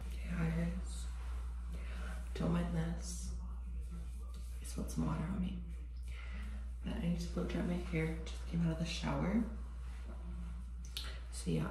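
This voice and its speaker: A young man with a raspy voice, chatting casually to his vlog camera, swearing and dropping to whispers. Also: on the high side, little pitch movement, unhurried, pauses often, dark tone, a little hiss or hum. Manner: frequent "like" fillers, swearing, drops to whispers. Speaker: vlogger.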